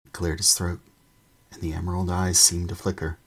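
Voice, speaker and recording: A man reading a storybook aloud on a stream, slow and measured. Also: sits low, little pitch movement, fairly bright tone. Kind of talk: storybook narration.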